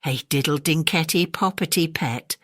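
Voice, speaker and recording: A woman's voice: low-pitched, moderate pace, fairly bright tone, dry recording, studio quality. An English woman voicing a chorus of tiny cheeky mice, chanting nursery rhymes in a sing-song way.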